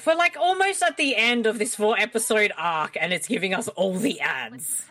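A woman's voice: mid-range voice, animated, moderate pace, a bit bright. A woman co-hosting a casual watch-along podcast, joking, swearing and laughing as she comments. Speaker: podcast co-host.

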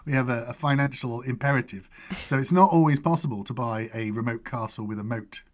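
A middle-aged man, chatting casually and telling lively anecdotes as a podcast host. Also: fairly quick. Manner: animated anecdotes with high-pitched character voices. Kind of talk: casual storytelling chat.

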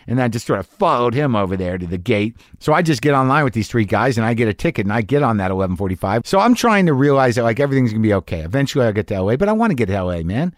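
A man's voice: medium pitch, very animated, rapid-fire, no echo, clean studio sound. A middle-aged man telling a long story in a casual monologue, ranting and swearing, mocking himself and acting out what people said. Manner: profane, ranting, self-deprecating, acts out quotes.

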